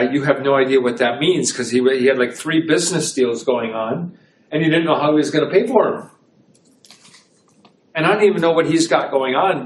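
A man's voice: on the high side, a little hiss or hum. A man pastor giving a conversational sermon to a small congregation, asking his listeners rhetorical questions. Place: small church. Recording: echoey room, voice from a distance.

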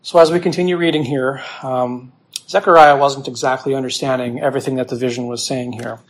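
A man, teaching as a pastor through a scripture passage in a relaxed sermon, repeating himself with fillers as he explains. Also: mid-range voice, brisk.

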